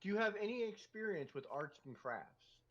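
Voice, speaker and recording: A man's voice: high voice, sing-song, normal speed, fairly bright tone, muffled recording. A man chatting with friends in a rambling way, stumbling over his words as he jokes. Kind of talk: casual chat with friends.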